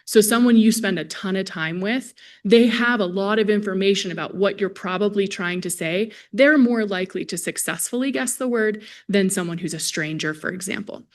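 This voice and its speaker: A woman's voice: medium pitch, moderate pace, hardly any pauses. Woman giving a friendly lecture. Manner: friendly, conversational, addresses audience directly. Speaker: speech-language pathologist lecturing. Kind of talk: conference lecture to a live audience. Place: lecture hall at a symposium.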